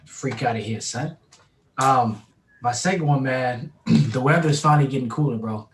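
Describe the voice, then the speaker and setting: A man from New co-hosting a casual podcast chat, telling stories in an animated, slangy way. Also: mid-range voice, moderate pace. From New York. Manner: animated, slangy storytelling with laughs. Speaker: podcast co-host. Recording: roomy, distant mic, faint ambience.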